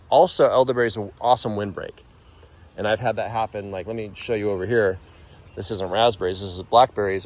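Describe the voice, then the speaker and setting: Guy with a lowish voice talking through garden tips outside, chatty, kinda rambly, fixes his own words. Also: a little hiss or hum. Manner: rambling, conversational, self-correcting. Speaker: gardening channel host. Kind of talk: casual outdoor gardening tutorial. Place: outdoors in a garden.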